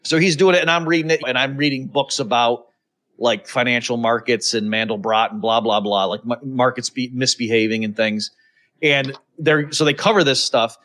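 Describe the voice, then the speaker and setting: A man hosting a casual podcast conversation. He talks in an animated, rambling way and often turns to the listeners directly. His voice sits in a mid range. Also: medium pitch, normal speed. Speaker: podcast host. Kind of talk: casual chat.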